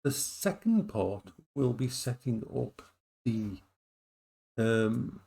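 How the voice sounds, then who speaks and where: A man chatting casually on a live stream from his home, often breaking into high baby talk for his dogs. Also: very animated, very slow, vocal fry, dark tone, slightly rough.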